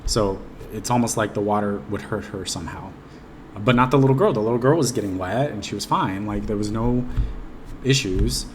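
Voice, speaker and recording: A man's voice: on the low side, normal speed, a little hiss or hum. A man casually retelling a dream in a rambling, hesitant way, full of ums and restarts. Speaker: vlogger recounting a dream. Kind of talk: casual personal storytelling.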